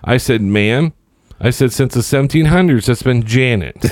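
Deadpan man retelling a complaint call. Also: mid-range voice, unhurried, no room sound, studio quality. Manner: deadpan retelling of complaints, stammers and quotes himself. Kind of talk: casual storytelling chat.

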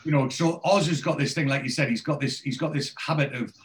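A man in a relaxed podcast chat, walking through an episode as he goes. He rambles and fills gaps with "you know" and "um", and his voice sits in an ordinary middle pitch. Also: quick pace. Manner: rambling, heavy on fillers. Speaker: podcast host. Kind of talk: casual chat recapping a TV episode.

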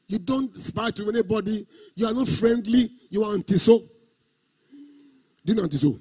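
Man, pastor, husky high voice, sermon, sung drawn-out emphasis, repeating phrases. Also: mellow.

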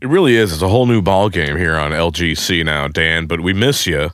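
A man's voice: low voice, a little fast, a bit bright, clear, resonant tone, no echo, clean studio sound. A man hosting a casual podcast, laughing a lot and reading out listener comments. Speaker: podcast host.

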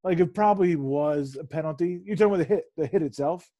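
A man in his thirties co-hosting a casual sports chat, rambling and animated, swearing freely and laughing often. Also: on the high side, quick pace, lo-fi sound. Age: 30s. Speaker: podcast co-host.

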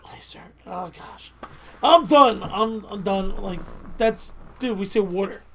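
A woman with a Delco accent from Delaware County, Pennsylvania, chatting as a podcast co-host. Her voice sits at an ordinary middle pitch. She rambles, stops herself mid-sentence and is quick to apologize. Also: a bit bright, slight background noise. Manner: rambling, self-interrupting, apologetic. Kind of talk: casual podcast chat.

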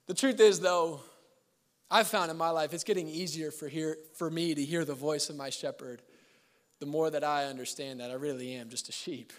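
A man preaching a sermon as pastor, mixing scripture with joking asides and laughter, swinging between loud emphasis and quiet, slow lines. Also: fairly high pitch, fairly even intonation. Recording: long hall reverb.

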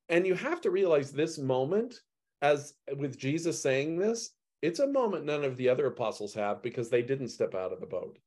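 A man leading a group Bible study discussion. He reads and talks it through, acting out the quoted lines with big jumps in pitch. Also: very animated, moderate pace, a little mellow.

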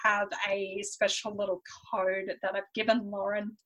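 A woman's voice: mid-range voice, flat delivery, moderate pace, a bit bright, dull audio. An Australian woman with a faint European tinge, a podcast guest and mentor speaking earnestly with frequent "um" fillers. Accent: Australian with a slight European tinge. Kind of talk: conversational podcast interview.

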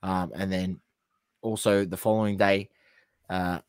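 A man's voice: low voice, level tone, unhurried, smooth, no room sound. Laid-back man, hesitant delivery. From Australia. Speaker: podcast co-host. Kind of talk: casual sports chat.

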